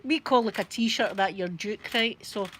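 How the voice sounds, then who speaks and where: This woman speaks at a normal speed in a medium, fairly bright voice, with a little background hiss or hum. She's a Scottish YouTube live streamer chatting loosely to a live audience from her rocking chair at home, laughing often as she rambles.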